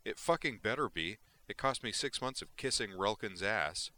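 A short-fused mercenary squad leader, acted out by a man reading the story, barks and swears in a raised, impatient voice. The tone is deep but edged and sharp. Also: animated, moderate pace. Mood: grumbling. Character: hot-tempered male mercenary squad leader.

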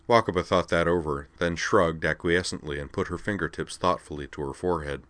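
A man narrating fiction aloud in a calm, measured storytelling manner. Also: low-pitched, dry recording. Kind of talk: audiobook-style fiction reading.

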